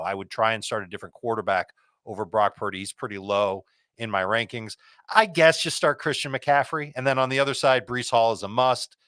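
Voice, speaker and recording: A man with a mid-range voice rattles off fantasy football picks in a confident, quick-fire way. The recording is close and dry, with no room sound. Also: mid-range voice, sharp tone, no echo. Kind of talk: quick start-sit advice.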